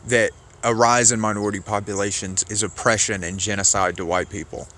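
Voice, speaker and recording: A man's voice: on the low side, fairly even intonation, a little fast, bright, forceful tone. A man giving casual political commentary, argumentative and sarcastic, rambling as he rebuts a clip.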